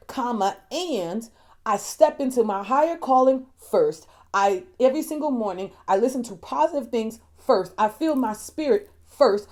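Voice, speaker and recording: A woman life coach giving a motivational talk, preachy and repetitive, moving from hushed storytelling to loud exhortation. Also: a little high. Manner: preachy, emphatic and repetitive, addresses listeners as y'all. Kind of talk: motivational self-help talk.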